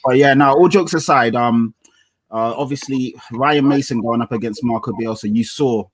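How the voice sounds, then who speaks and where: A man's voice: medium pitch, normal speed. A man guesting on a casual football podcast, laid-back and jokey, with lots of fillers.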